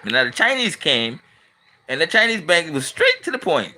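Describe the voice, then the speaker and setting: A middle-aged man from California delivers a blunt, emphatic monologue in loose, colloquial speech. His voice sits high for a man and rings bright and forceful. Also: sing-song, normal speed, a little hiss or hum. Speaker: channel host and commentator. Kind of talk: casual opinionated monologue.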